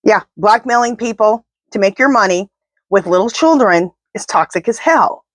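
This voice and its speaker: A woman's voice: medium pitch, expressive, normal speed, dry recording. A woman doing a casual tarot reading to camera, talking to her spirit guides and speaking bluntly and indignantly. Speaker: tarot reader.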